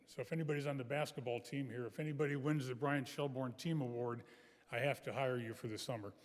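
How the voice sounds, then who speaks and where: A man's voice: medium pitch, steady tone, fast talker. An older man giving a folksy, anecdotal speech as a guest speaker in a large chapel. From American Midwest. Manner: folksy storytelling. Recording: long chapel reverb.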